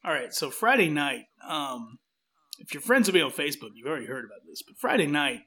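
A man with a high, bright voice spins a rambling, self-deprecating story on a casual podcast. He keeps acting out little quoted lines as he goes. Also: very animated, fairly quick, slightly rough.

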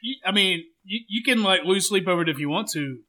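Man, podcast co-host, bright slightly high voice, easygoing, wry. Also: lively intonation, quick pace. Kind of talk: casual sports podcast chat.

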